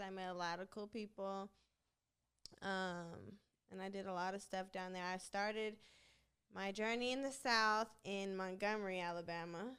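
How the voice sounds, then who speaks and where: A woman's voice: medium pitch, a bit bright, clean tone. A young woman guesting on a podcast interview, telling stories in a laid-back, slangy way and laughing often. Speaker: rapper and singer, interview guest. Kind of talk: casual interview chat.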